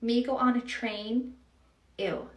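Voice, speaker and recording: A woman's voice: a little high, fairly even intonation, slow pace. Woman as a spoiled whiny young staffer, dismissive, echoey room. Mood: bratty. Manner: whiny, dismissive valley-girl drawl. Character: bratty, entitled young woman nursery worker.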